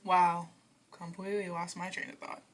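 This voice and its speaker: A woman's voice: on the low side, little pitch movement, moderate pace, slight background noise. A young woman vlogging casually as she does her hair at home at night, rambling and sometimes dropping to a whisper. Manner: chatty, rambling, drops into whispers. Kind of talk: casual chat. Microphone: phone or built-in mic. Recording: music in the background.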